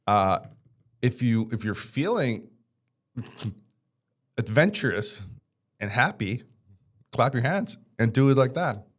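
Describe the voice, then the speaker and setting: A man's voice: medium pitch, big pitch swings, slow, long pauses. A man teaching a casual screen-share tutorial, chatty and joking, with rambling asides. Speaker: tech instructor.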